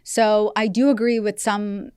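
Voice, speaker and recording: Woman in her 30s from russia, chatty podcast guest, candid stories, smooth clear voice, dry sound. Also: medium pitch, level tone, measured pace, a little mellow, dry recording. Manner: candid, storytelling, laughs often. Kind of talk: casual chat.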